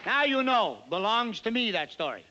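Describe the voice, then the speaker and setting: An actor playing a nightclub entertainer who tells stand-up stories on stage, with brisk delivery and mock-modest asides to the audience. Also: male voice, sits high, very animated, some chatter behind, exaggerated voice. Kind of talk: stand-up comedy routine on stage. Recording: dull old TV soundtrack with loud music.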